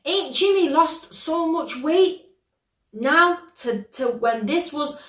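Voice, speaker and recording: A British woman with a fairly high voice gives slangy, animated reaction commentary. Her voice rings out in a roomy, echoey space, and she laughs easily. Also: takes it slowly. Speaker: reaction video host. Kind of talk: excitable casual reaction commentary.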